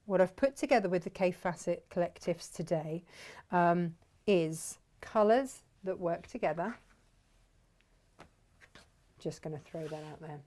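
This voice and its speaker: A woman's voice: fairly low pitch, unhurried, pauses often, mellow. Chatty woman hosting a fabric show. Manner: chatty, enthusiastic, rambling. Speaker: fabric shop host. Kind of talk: casual workshop chat.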